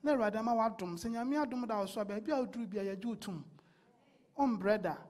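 High-voiced woman preaching. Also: quick pace, darkish tone. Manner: preaches with rising bursts and call-and-response. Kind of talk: sermon.

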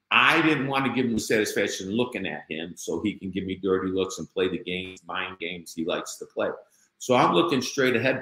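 A man's voice: lowish voice, a bit bright, echoey room, rough recording. A middle-aged man in an interview, telling his own story in a blunt, street-talking way with lots of "you know" fillers. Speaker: guest.

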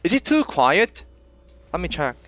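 A young man from South Korea with a Korean accent, chatting casually with viewers while streaming a game, excitable and often laughing. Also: sits high, unhurried, no room sound. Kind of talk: casual gameplay stream chat.

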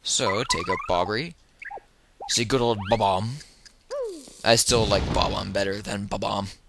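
A man giving casual, rambling, jokey gameplay commentary from home, breaking into loud excited yelps. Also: lowish voice, a little slow, background noise. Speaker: let's player. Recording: video game music playing behind.

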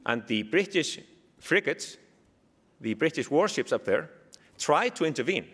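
Speaking in a fairly high, slightly rough voice at an unhurried pace, this Icelandic-accented keynote speaker addresses an audience. His storytelling is lively and laced with dry humor, delivered in a big museum hall whose echo fills the recording.

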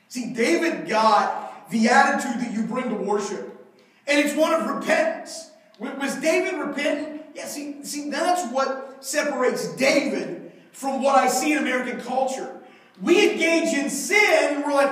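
High-voiced pastor in an echoey hall. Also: male voice, measured pace. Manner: animated, conversational storytelling with humor. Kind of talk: sermon. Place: church sanctuary. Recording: very echoey hall, mic far off.

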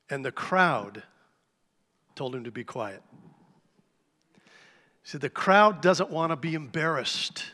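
A man preaching a sermon to a church congregation, telling a story with lively, animated delivery. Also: on the high side, slow, long pauses. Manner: animated storytelling, acts out shouted cries. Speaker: pastor. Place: church sanctuary. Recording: live church hall reverb.

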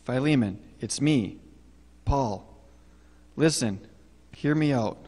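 A man acting a calm apostle who gently urges a friend to forgive, in a sermon skit recorded in a reverberant church hall. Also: mid-range voice, slow. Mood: persuasive. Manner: calm, persuasive. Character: calm older apostle urging reconciliation.

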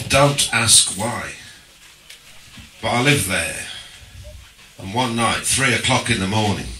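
A man performs a deadpan stand-up set, taking his time and leaving long pauses between lines. His voice is bright and sits a little low, yet it swings widely in pitch. It comes through a stage mic into an echoey social club, heard from some distance. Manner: deadpan, slow and deliberate with pauses. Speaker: stand-up comedian. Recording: roomy live club recording from a distance.

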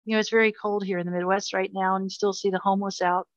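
A woman's voice: mid-range voice, level tone, fast, no room sound, highs cut off. An older woman telling a painful personal story in an interview, earnest and emotional, often repeating herself. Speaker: guest.

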